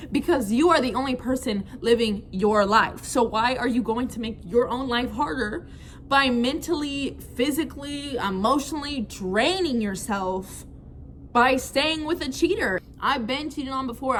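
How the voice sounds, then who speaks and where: A young woman vlogger with a fairly high voice, talking straight to her viewers in a frank, slangy way. She leans on "like" and "bro" as she goes, and a faint hiss runs under the recording. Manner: animated, frank, slangy, many fillers like "like" and "bro". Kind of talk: casual storytime chat.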